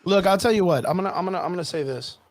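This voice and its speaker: This is a man, slightly high-pitched, talking bluntly and emphatically in a casual podcast chat. His voice sits close to the mic, dry and with no room sound. He swears freely and pushes his points hard. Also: racing, no room sound. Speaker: podcast co-host.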